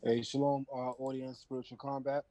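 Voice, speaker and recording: Measured man explaining as a guest. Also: medium pitch, flat delivery, mellow, no room sound, poor audio. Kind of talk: casual talk show remarks.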